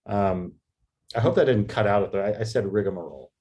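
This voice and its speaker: A man from New York doing a rambling stand-up set over a video call, halting with many fillers and restarts. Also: fairly low pitch, a little mellow. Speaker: stand-up comedian.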